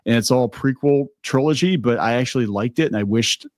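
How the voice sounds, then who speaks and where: A man's voice: medium pitch, brisk, a little mellow, dry recording. A man in his forties with a cartoonish-sounding voice, hosting casual opinion commentary in a rambling, chatty way with many fillers and restarts. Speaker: video commentary host.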